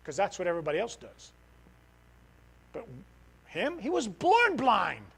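A middle-aged man preaching a sermon in a church as a missionary, animated, swinging from loud outbursts down to quiet, tender passages. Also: high-pitched, unhurried, gravelly, breathy edge, poor audio.

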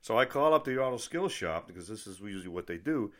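A man's voice: lowish voice, animated, quick pace, a bit bright. A man telling a story in a casual, rambling rant, exasperated, with frequent restarts and mild swearing. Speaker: vlogger.

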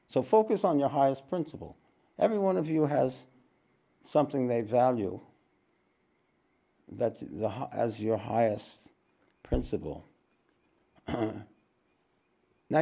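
A man teaching a spiritual talk to an audience, unhurried, repeating his phrases and often clearing his throat. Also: mid-range voice, very animated, mellow.

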